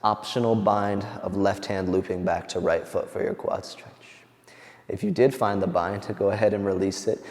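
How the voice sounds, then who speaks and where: Man, yoga teacher, out of breath, counting holds, mellow voice, long hall echo. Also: fairly low pitch, normal speed. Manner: calm counting cues, moving along with the class. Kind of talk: guiding a yoga class.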